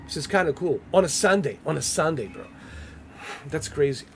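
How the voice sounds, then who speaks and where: A man's voice: fairly high pitch, lively intonation, normal speed, soft background music. A man casually commenting on a game during a livestream, loose and joking as he banters with his chat. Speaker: gaming livestreamer.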